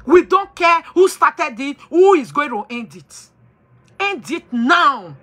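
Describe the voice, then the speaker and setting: Emphatic high-voiced woman host. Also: very animated, slow pace, sharp tone. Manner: emphatic and preachy, slipping into pidgin. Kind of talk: talk show commentary.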